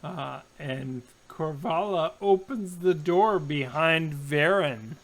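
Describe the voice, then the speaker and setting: A man running a tabletop game as the dungeon master, talking slowly and pausing often on fillers. His voice sits a little high for a man. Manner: unhurried, halting narration with many fillers.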